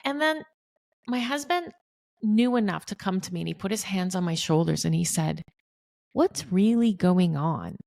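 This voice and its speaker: A woman's voice: medium pitch, moderate pace, gravelly, darkish tone. A middle-aged woman hosting a solo podcast, talking earnestly and speaking straight to her listeners. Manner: earnest, addresses listeners directly. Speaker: podcast host.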